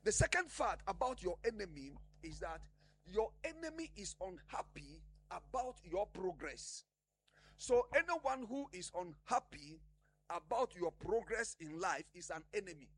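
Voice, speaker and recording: A man's voice: high-pitched, breathy edge. A man preaching a sermon, emphatic, often asking the congregation a question and answering it himself.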